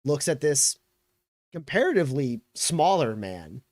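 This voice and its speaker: A man narrating a tabletop game as game master, in a loose, halting way with many fillers. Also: on the high side, very animated, darkish tone, no room sound, clean studio sound.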